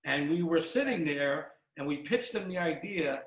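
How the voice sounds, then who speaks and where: A man's voice: a little high, animated, a little hiss or hum. Rambling older male host, roomy echo. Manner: rambling, halting storyteller with many restarts. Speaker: podcast host. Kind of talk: casual interview chat.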